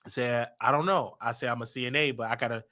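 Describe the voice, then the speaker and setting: A man from Chicago with a Chicago accent, telling a personal story casually and acting out what people said with big jumps in his voice. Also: fast talker. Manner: animated, acts out quotes with big pitch jumps.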